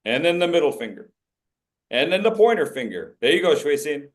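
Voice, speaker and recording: Animated man coaching a video-call workshop. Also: a little high, a little fast. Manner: animated, coaching participants by name, acts out gestures with silly voices. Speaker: public speaking workshop trainer. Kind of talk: interactive online workshop.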